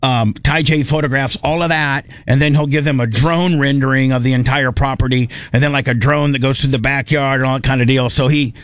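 A man's voice: medium pitch, steady tone, a little fast, few pauses, a bit bright, no echo. A man hosting a podcast in loose, rambling casual chat. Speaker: podcast host.

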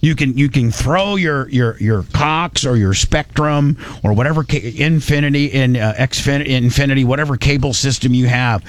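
A man's voice: medium pitch, normal speed, few pauses. A man hosting a radio show, chatting casually and joking, often restarting and correcting himself. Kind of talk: casual talk radio chat.

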